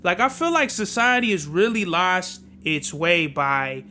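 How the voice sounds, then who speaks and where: Young guy on a podcast, high bright voice, cussing and ranting about his day. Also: unhurried, a little hiss or hum. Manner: animated, cursing, storytelling. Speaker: podcast host. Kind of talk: casual profane podcast rant.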